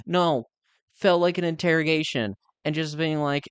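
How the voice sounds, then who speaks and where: A man's voice: on the high side, unhurried, clean tone, no room sound. A young man chatting casually as a live streamer, speaking candidly and rambling with lots of filler words. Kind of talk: casual chat.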